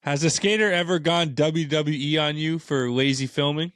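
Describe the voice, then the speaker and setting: A man's voice: fairly high pitch, steady tone, moderate pace, fairly bright tone, no room sound, clean studio sound. A man hosting a casual interview show, asking short questions.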